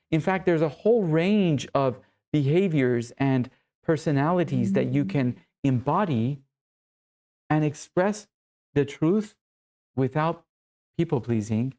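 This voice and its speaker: Earnest male coach, mellow voice. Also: fairly high pitch, expressive, slow. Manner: earnest, intimate, addresses viewer as brother. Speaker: men's coach. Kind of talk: direct-to-camera coaching monologue.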